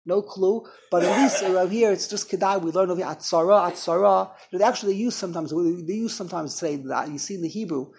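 Gravelly man giving a chatty Torah class. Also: high-pitched, fast, few pauses, noisy background. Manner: digressive, chatty, self-deprecating. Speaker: Torah teacher.

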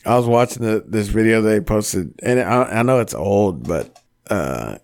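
A man's voice: fairly low pitch, expressive, unhurried, creaky, darkish tone. Profane rambling podcast host, a man. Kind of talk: casual podcast chat.

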